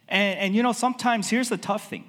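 A male pastor delivers a sermon in a relaxed, chatty way, dropping fillers as he goes. His voice sits high for a man. The sound carries a long reverb from a church hall. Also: a little fast. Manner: casual, conversational preaching with many fillers.

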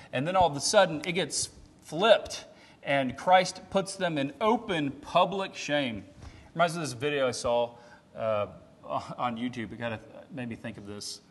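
A man preaching a sermon in a conversational way, often checking in with "right?" and swinging between loud and soft. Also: mid-range voice, unhurried. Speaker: pastor. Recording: long hall reverb.

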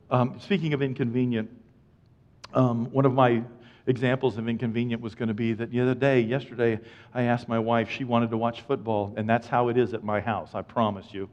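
A man preaching a sermon as a pastor, telling stories and acting out voices with loud high-pitched outbursts. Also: steady tone, a little fast. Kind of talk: sermon with storytelling. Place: church. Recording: dull sound with long hall reverb.

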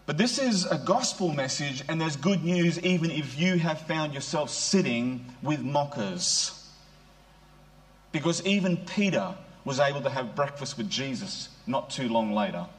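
A man with a slightly raised pitch delivers a sermon like he's chatting with friends. He is middle-aged, and he keeps asking his congregation rhetorical questions in an easy, talky pulpit manner. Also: expressive, unhurried. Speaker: preacher.

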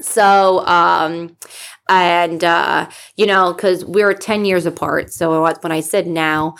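A woman in her thirties hosts a solo podcast with a slightly low voice. She chats on casually and excitably, with lots of fillers and easy swearing. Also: slow pace, vocal fry. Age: 30s. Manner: excitable, chatty, swears freely, many fillers. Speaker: podcast host.

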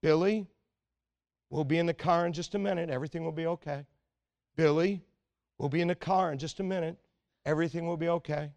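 A preacher voicing a calm, hushed young father. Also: fairly high pitch, unhurried, pauses often, no echo, lightly acted. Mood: calm soothing. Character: calm, patient young father soothing his son.

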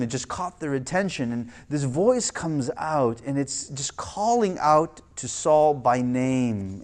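A man preaching a sermon, starting conversational with restarts and growing loud and emphatic. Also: a little high. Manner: restarts and repeats words. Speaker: pastor.

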